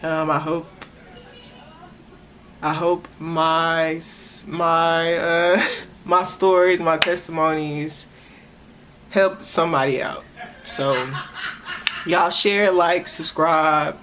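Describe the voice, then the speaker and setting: A woman's voice: sits low, steady tone, very slow, long pauses, noisy background. A young woman, hosting her own podcast and sharing a personal testimony in an earnest, emotional way, often stopping and restarting her words. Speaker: podcast host.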